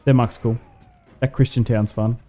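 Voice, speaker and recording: A man's voice: medium pitch, steady tone, moderate pace, mellow, soft background music. A man livestreaming a strategy game, chatting in a rambling way and laughing often. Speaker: gaming livestreamer. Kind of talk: casual chat while streaming a strategy game.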